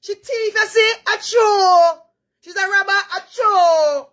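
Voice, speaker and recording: A Jamaican woman putting on a high, mocking sing-song voice of someone who agrees with every accusation. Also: unhurried, pushed and bright, full character voice.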